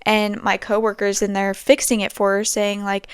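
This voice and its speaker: A woman's voice: mid-range voice, monotone, normal speed, few pauses, smooth, dry recording. A young woman hosting a podcast, telling stories in a rambling, casual way with lots of fillers. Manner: chatty, rambling storytelling with many fillers. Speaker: podcast host. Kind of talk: casual chat.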